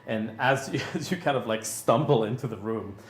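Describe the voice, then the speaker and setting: A man narrating a tabletop game as game master, halting with many fillers and restarts. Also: medium pitch, roomy sound, a little hiss or hum.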